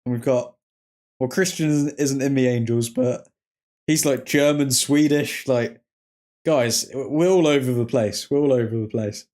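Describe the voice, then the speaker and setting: A man's voice: medium pitch, measured pace, a little mellow. A young English man hosting a live football watchalong stream. He jokes with viewers, laughs often and reads chat comments aloud in casual banter. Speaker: livestream host.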